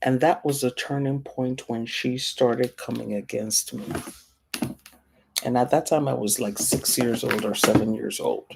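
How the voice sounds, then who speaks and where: A woman's voice: extremely low pitch, fairly even intonation, unhurried, gravelly, very noisy. A middle-aged woman from Africa teaching a class, telling a personal story and acting out the voices of the people in it. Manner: storytelling, acts out quoted voices.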